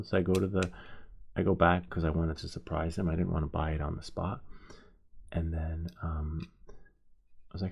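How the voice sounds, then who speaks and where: A man's voice: low-pitched, little pitch movement, vocal fry, husky, lo-fi sound. A man hosting a soldering live stream who tells a rambling story while he works. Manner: rambling, halting, with many restarts.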